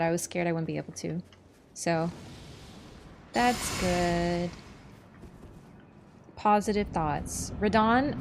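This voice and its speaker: A young woman talks over her gameplay in a loose, rambling way, flaring up in sudden excited swearing. Her voice sits at a middling pitch for a woman. Game music plays steadily behind her home streaming mic. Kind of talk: live gameplay commentary.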